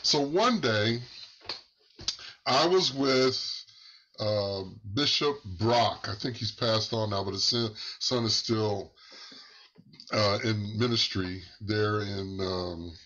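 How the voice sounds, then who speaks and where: A man telling a church testimony in a halting, unhurried way, pausing and restarting, his voice climbing as the story excites him. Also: fairly low pitch. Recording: muffled lo-fi recording.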